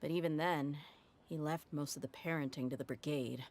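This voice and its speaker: A woman's voice: low voice, fairly even intonation, a little fast, a little mellow. An actress playing a tough young woman who leads a desert mercenary band, blunt and matter-of-fact. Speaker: game character in a played cutscene. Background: faint game music.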